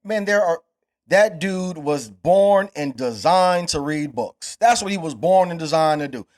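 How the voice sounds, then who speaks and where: A man from the United States hosts a podcast and argues hard, pressing his points with profane, emphatic bursts. His voice sits high for a man. He drives each line home with swelling force. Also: a little mellow. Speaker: podcast host. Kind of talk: heated podcast debate.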